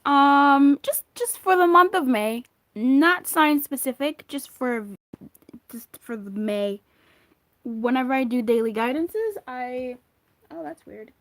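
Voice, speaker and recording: A woman's voice: high voice, lively intonation, measured pace, fairly bright tone, no room sound. A woman giving a casual monthly tarot reading, chatty and rambling, wandering off on tangents and restarting her sentences. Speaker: tarot card reader.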